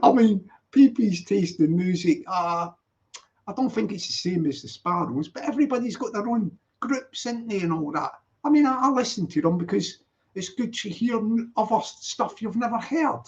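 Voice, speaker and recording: Older Glaswegian man with London twang, high voice, dull lo-fi stream audio; chatty rambling livestream host. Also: lively intonation, normal speed. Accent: Glaswegian with London influence. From Glasgow, Scotland. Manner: chatty, rambling, many "yeah" tags. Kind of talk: casual livestream chat greeting viewers.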